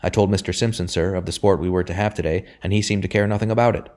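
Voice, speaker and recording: Man reading as a loyal servant, solemn, respectful, blunt, low, quick. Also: fairly even intonation, a little mellow, close to an everyday voice.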